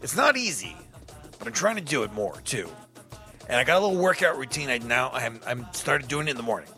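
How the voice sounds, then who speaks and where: A male radio DJ talks in a chatty, rambling way between songs, with a bright, forceful voice. He drifts into self-deprecating asides as he goes. Faint music sits under his talk. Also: medium pitch, big pitch swings, a little fast. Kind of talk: casual on-air chat between songs. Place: radio studio.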